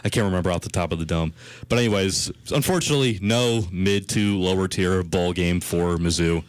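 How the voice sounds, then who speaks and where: A man's voice: low voice, a little fast, clear, resonant tone, dry recording. A young man hosting a casual sports podcast, rambling and chuckling as he talks. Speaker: podcast host.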